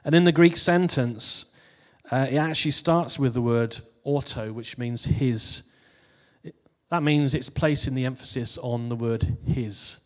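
Man, preacher, casual sermon, chatty and relaxed, mid pitch, long reverb. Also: measured pace. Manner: relaxed, chatty, laughs at his own jokes. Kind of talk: casual New Year sermon.

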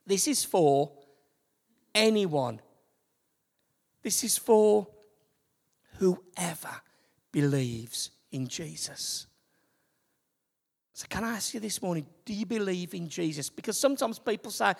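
A preacher delivering a sermon to a church congregation, slow and building to loud, emphatic points. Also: mid-range voice, very animated, creaky. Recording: long hall reverb.

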